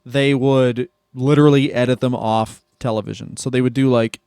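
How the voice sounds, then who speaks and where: A man's voice: mid-range voice, steady tone, darkish tone, smooth, no room sound. A man co-hosting a comedy podcast, riffing in a jokey, casual way. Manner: riffing, jokey, with quick impressions. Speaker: podcast co-host.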